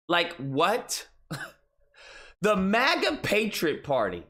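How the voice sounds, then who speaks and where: Animated exasperated man ranting. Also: sits high, unhurried. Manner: exasperated, mocking, profane. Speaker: political commentary host. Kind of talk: casual ranting commentary.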